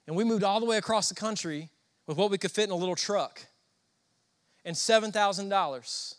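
A man's voice: high voice, fairly quick. A young Southern man with a Southern American accent, preaching a sermon in a storytelling, conversational way and asking the congregation questions. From Southern United States. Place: church before a congregation.

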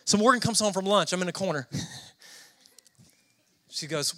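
Preaching before a congregation in church, a young man from the Southern United States speaks with a Southern American accent in a high-pitched, slightly bright voice. He talks at normal speed, pausing often, telling stories conversationally and putting questions to the congregation.

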